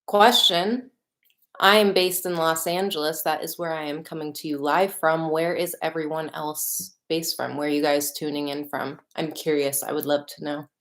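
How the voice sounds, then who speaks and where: A woman's voice: deep voice, steady tone, normal speed, fairly bright tone. Bubbly woman with a Chicago accent. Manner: bubbly and chatty, greets viewers by place. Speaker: makeup artist hosting a livestream. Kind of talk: casual livestream chat. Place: home studio in Los Angeles.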